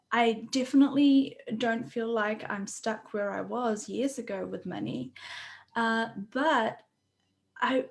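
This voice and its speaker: A woman talking through her ideas in a relaxed interview. Her voice sits a little high. She explains earnestly and stops to rephrase often. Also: vocal fry. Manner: earnest, explanatory, with frequent hesitations. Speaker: workshop facilitator. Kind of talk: conversational interview.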